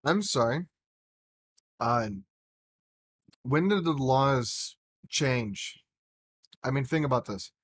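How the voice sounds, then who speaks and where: A man's voice: medium pitch, animated, takes it slowly, long pauses, a bit bright, dry recording. A man co-hosting a casual podcast, telling rambling stories and swearing freely. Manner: profane, rambling storyteller. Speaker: podcast co-host.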